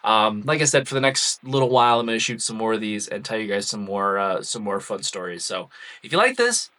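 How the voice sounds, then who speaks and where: Bright-voiced man telling a story. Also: fairly low pitch, a little fast. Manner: relaxed, chatty, with frequent ums and uhs. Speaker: cosplay vlogger. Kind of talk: casual anecdote storytelling.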